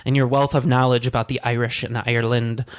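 A man co-hosting a podcast, relaxed and chatty, asking questions and laughing along. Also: mid-range voice, fairly quick, no room sound, studio quality. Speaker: podcast co-host. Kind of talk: casual chat.

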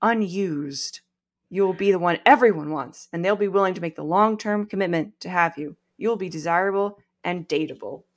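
A woman's voice: on the low side, moderate pace. A woman hosting a podcast, reading aloud from a book with wry asides and frequent laughs. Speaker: podcast host.

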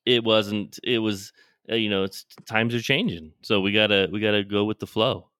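A man co-hosting a casual podcast, talking in a hesitant, halting way with lots of ums. His voice sits mid-range and sounds dry and close. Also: on the low side, fairly even intonation, fairly bright tone, no echo. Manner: hesitant, many fillers and restarts. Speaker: podcast co-host. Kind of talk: casual chat.

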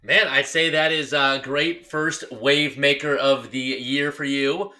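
A young man co-hosting a sports podcast, chatting in a relaxed, slightly rambling way. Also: mid-range voice, slow pace. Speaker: podcast co-host. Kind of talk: casual sports chat.

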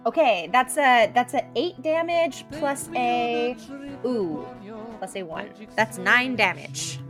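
A bubbly woman plays a tabletop game, talking quickly with a brightly raised pitch and frequent laughter. Faint music sits behind her. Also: animated. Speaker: player.

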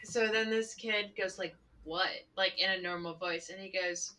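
A young adult woman, a special education teacher, telling stories in a casual podcast chat, animated and swearing freely. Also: mid-range voice, moderate pace, far from the mic, low-quality recording.

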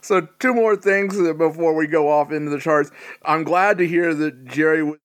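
A man co-hosting a podcast in casual chat, measured and hesitant. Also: on the high side, dry recording. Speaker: podcast co-host.

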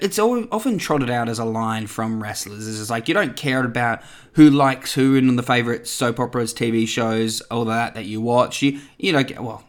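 Rambling man hosting a podcast. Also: mid-range voice. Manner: rambling, chatty, full of fillers and asides. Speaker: podcast host. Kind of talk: casual solo podcast talk.

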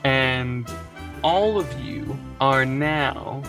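Gravelly man running a tabletop game. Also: medium pitch, drawn-out words, over music. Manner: rambling, laughing often. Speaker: game master.

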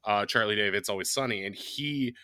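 A man co-hosting a podcast in casual chat, animated and rambling, often laughing. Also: fairly low pitch, brisk, no echo, studio quality. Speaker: podcast co-host.

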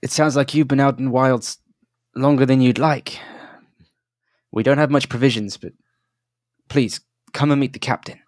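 A man voicing a battered female half-elf soldier with a polite, brisk manner. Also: medium pitch, fairly even intonation, darkish tone, no room sound, clean studio sound, pitched above the performer's own voice, lightly acted. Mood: welcoming.

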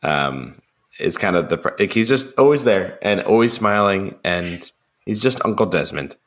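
A young man with a very deep voice co-hosts a relaxed podcast chat about a film. He rambles, fills gaps with ums, and slips into acted-out quotes. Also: moderate pace. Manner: rambling, lots of ums, acts out film lines in a raised voice. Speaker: podcast co-host.

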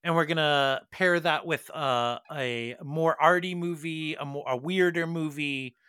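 A man's voice: fairly high pitch, measured pace, bright, forceful tone, clean tone, no echo, clean studio sound. A man co-hosting a casual podcast, explaining film ideas in a hesitant way with many fillers. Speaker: podcast co-host, film scholar.

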